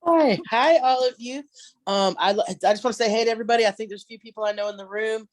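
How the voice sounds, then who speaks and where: A woman's voice: on the high side, fast talker, dry recording. A middle-aged woman doing a brash, profane, rambling stand-up set. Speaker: headlining comedian. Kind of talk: stand-up set on a video call.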